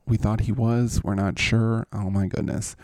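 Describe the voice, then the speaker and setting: A man hosts a fantasy football show and walks through matchups in a loose, jokey way, filling pauses with "uh" and "um". His low voice is mellow and gravelly. His pitch moves around a lot, and the recording is close and dry. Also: steady tone, no echo. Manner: easygoing, filler-heavy, jokey. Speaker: fantasy football podcast host. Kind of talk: casual podcast matchup rundown.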